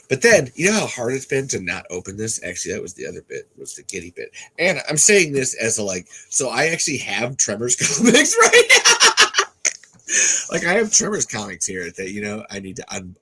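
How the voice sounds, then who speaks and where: A man's voice: on the low side, wildly swooping pitch, moderate pace, sharp tone, slightly rough, low-quality recording. A man hosting a casual livestream, rambling with frequent restarts, swearing and laughing. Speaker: podcast host.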